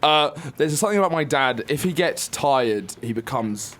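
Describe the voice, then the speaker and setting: Male co-host, mid-pitched and easygoing, tells funny family stories with plenty of laughter. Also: moderate pace. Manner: laughs through anecdotes, relaxed. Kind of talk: casual chat, storytelling.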